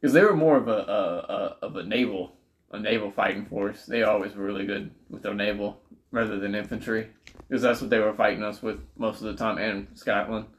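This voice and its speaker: A man's voice: fairly low pitch, steady tone, brisk. Joking, swearing podcast guy. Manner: joking, loose and profane. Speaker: podcast co-host. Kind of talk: casual chat.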